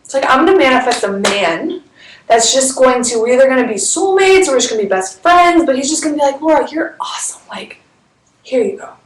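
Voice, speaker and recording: A woman's voice: high-pitched, expressive, fast talker, echoey room, a little hiss or hum, rough recording. A woman from Chicago who runs a wellness business, telling a story in casual livestream talk, bubbly and laughing often, with lots of "like".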